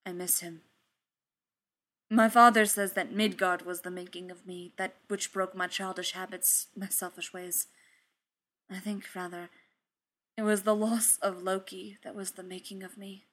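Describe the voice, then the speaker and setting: Woman reader playing a grave, formal god-warrior man; low, quiet, bright timbre. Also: little pitch movement, unhurried. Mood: sorrowful. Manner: formal old-fashioned speech, low and quiet.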